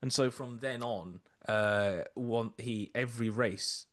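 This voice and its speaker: A man's voice: medium pitch, slow pace, fairly bright tone. A man chatting casually on a podcast, telling anecdotes and acting out quotes. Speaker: podcast co-host. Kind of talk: casual storytelling chat.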